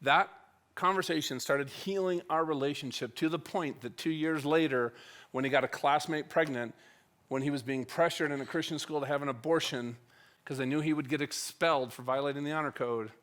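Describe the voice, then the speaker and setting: Animated middle-aged man telling a church story. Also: on the high side, brisk. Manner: animated, acts out dialogue with wide swings in loudness. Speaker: church speaker.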